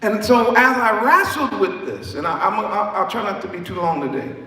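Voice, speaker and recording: A man preaching a sermon in an emphatic, repetitive way that rises to shouts. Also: high-pitched, moderate pace. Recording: echoey hall, far from the mic.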